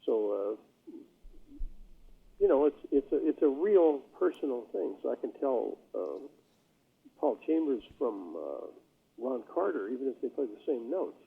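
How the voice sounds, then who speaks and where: An older man reminisces at an easy, wandering pace, full of fillers and restarts. His voice is gravelly and a bit husky. The sound comes through a thin, phone-like line. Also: mid-range voice, big pitch swings, unhurried, pauses often. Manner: rambling storyteller with many fillers. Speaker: jazz bassist, guest. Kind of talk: casual interview talk.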